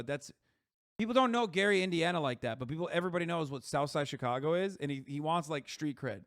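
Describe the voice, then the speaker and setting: A man's voice: a little high, dry recording, clean studio sound. Rambling, cursing male streamer. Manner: rambling, profane, quick asides with laughter. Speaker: streamer reacting to a video. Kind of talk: casual live-stream reaction commentary.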